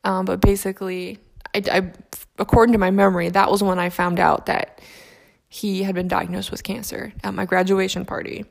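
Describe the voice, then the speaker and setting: Woman with a gravelly voice, telling a sad story. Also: mid-range voice. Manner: soft, reflective, halting. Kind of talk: personal story.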